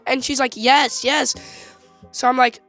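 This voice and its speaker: A teenage boy telling a story in a casual, animated, slangy way, often laughing mid-sentence. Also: very high-pitched, a little slow, faint music behind. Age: teens.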